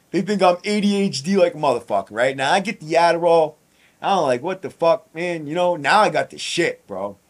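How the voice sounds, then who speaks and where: Profane, animated man telling prison stories. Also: fairly high pitch. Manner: profane, animated storyteller acting out guards' lines. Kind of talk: casual storytelling monologue.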